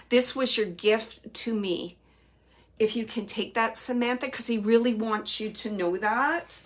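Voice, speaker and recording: A woman giving a live spirit reading as a medium, speaking gently and hesitantly with many pauses, earnestly relaying messages. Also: a little high. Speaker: psychic medium.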